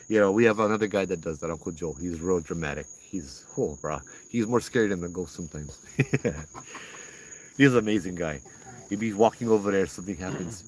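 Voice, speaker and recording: A man's voice: low-pitched, moderate pace, rough recording. A man with a Hawaiian Pidgin accent, a ghost tour guide telling a ghost story in a laid-back, rambling way. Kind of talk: casual spoken ghost story.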